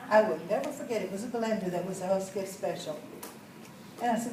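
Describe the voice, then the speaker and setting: A woman's voice: medium pitch, fairly quick, noisy background. A woman, telling a group a folksy story about her life and asking the audience questions. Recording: echoey room, mic far off.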